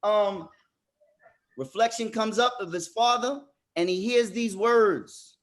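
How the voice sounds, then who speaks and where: A man leading a motivational group coaching session over a video call, talking straight to the group as a lively storyteller. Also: high voice, slow pace. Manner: animated storyteller, addresses the group directly. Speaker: workshop facilitator.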